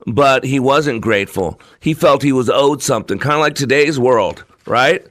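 A man's voice: mid-range voice, moderate pace, a bit bright, no room sound. A man hosting his own talk show, delivering an emphatic, repetitive, preacher-like monologue. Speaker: show host.

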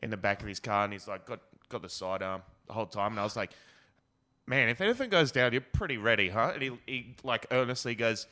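Bright-voiced Australian guy telling stories. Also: on the low side, animated, fast. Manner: rambling anecdotes full of "like", acting out other people's lines. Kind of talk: casual comedic storytelling.

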